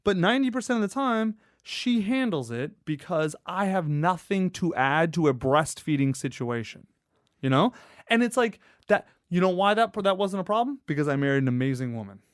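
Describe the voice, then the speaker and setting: Lively, animated man telling stories. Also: sits high, normal speed, clear, resonant tone, no echo, studio quality. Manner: animated, emphatic, casual swearing, acts out quoted friends. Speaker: podcast guest. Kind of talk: casual conversational storytelling.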